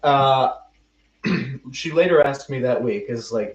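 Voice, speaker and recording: A man's voice: mid-range voice, unhurried. A young man from the United States, a podcast host telling a rambling, self-mocking story in casual chat among friends. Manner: rambling, self-mocking, restarts mid-sentence. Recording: roomy, distant and muffled mic.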